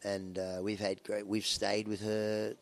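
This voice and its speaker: A man's voice: fairly low pitch, completely flat delivery, unhurried, slight background noise. A man, a rock musician being interviewed and telling rambling anecdotes full of fillers and restarts. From Australia. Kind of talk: casual interview storytelling.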